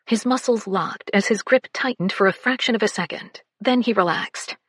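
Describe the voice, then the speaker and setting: A woman narrating a first-person romance audiobook, breathy and often slipping into whispers. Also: mid-range voice, normal speed, a bit bright, no room sound, clean studio sound.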